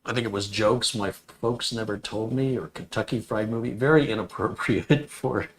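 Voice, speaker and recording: A man's voice: on the low side, moderate pace. A man from the Detroit area, co-hosting a casual chat and reminiscing, listing things as they come back to him. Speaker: co-host.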